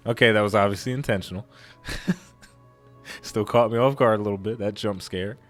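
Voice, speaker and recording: A man hosting a let's play, giving casual, excitable gameplay commentary that rambles with frequent restarts. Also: on the low side, fast talker, soft background music.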